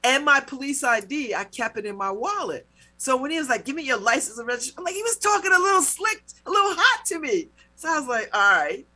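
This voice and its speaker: A middle-aged woman hosting a talk show, telling a personal story in a casual, animated way, with mock-indignant retellings. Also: high voice, a little fast. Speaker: radio talk show host.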